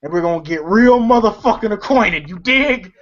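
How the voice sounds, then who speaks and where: A man voicing a menacing ex-convict who speaks in slow, drawling street talk. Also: high voice, animated, fairly bright tone. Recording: dull lo-fi recording.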